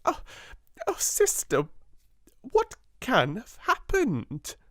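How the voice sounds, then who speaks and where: A man's voice: high voice, wildly swooping pitch, moderate pace, no room sound, studio quality, voice pushed up. A man doing a stammering, timid British spinster. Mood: tearful. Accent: British English. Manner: stammering, fluttery, tearful. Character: timid, flustered plump middle-aged spinster sister.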